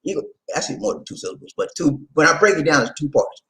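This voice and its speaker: A man hosting a vlog, talking casually to his viewers in an animated, laughing, rhetorical way, repeating his points often. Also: on the high side, quick pace, low-quality recording. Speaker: vlog host.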